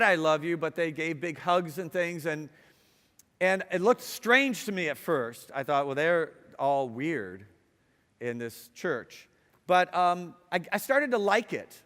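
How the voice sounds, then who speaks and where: A middle-aged man from Ohio telling a personal story to an audience, wry, moving between quiet reflection and lively, amused telling. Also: a little high, clear, resonant tone. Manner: wry, swings from hushed to lively. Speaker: speaker. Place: university hall. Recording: hall with long reverb.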